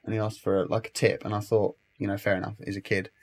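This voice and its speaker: Lower-voiced man telling stories. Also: fast talker. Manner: ranting, animated storytelling. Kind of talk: casual chat.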